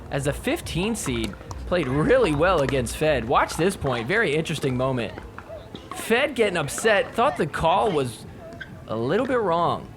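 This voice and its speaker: A man hosting a podcast, giving a casual recap of sports matches, swearing freely and mocking the players in quick put-on voices. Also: a little high, background noise.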